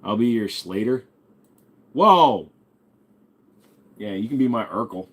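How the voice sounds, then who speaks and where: On the low side and slightly rough, this young host's voice has lively intonation and a slow pace. He chats with viewers on a relaxed livestream, reading their comments and joking crudely with plenty of swearing.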